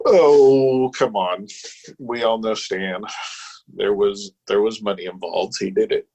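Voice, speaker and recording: A man's voice: on the low side, steady tone, a little slow, creaky, husky, lo-fi sound. A man co-hosting a podcast in casual chat, making short, dry remarks. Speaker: podcast co-host.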